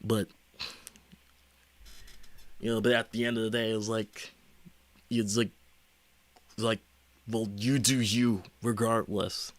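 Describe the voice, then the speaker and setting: A young man streaming, talking casually in a rambling, halting way full of fillers and restarts. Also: on the low side, level tone, no echo. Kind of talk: casual livestream chat.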